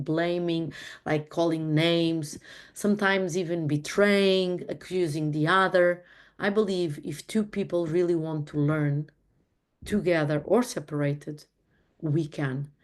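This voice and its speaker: A woman's voice: lowish voice, darkish tone. A woman hosting a reflective talk on relationships, speaking earnestly and reassuringly in short phrases. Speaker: host leading a relationship talk.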